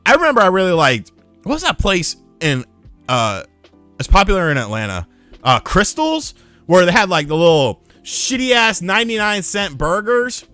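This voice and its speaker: Swearing streamer guy in his 30s, rambling stories, thanking members, voice pitched a bit high. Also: huge pitch swings, moderate pace, no room sound, faint music behind. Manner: profane, rambling storytelling; shouts out new members. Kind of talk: casual livestream chat.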